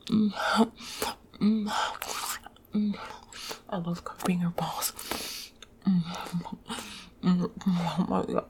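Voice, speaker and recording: A woman voicing a needy, teasing female succubus in a whispered role-play, with a breathy, coaxing whisper and soft moans. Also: lowish voice, fairly even intonation, drawn-out words, pauses often, noisy background. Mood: sultry.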